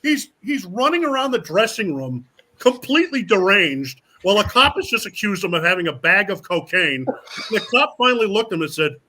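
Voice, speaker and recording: A man tells rowdy stories as a guest, cursing freely and acting out every quote. His voice sits a little high and swings widely in pitch. The tone is bright and forceful. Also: brisk. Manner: animated, acts out quotes, swears freely. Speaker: guest, professional wrestler. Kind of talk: casual storytelling.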